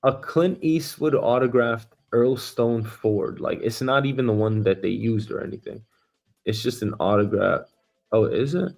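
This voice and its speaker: A man's voice: mid-range voice, moderate pace, gravelly, a little mellow, a little hiss or hum. A man hosting a news talk stream as a comedian, rambling and swearing freely, with lots of filler words. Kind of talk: casual profane commentary.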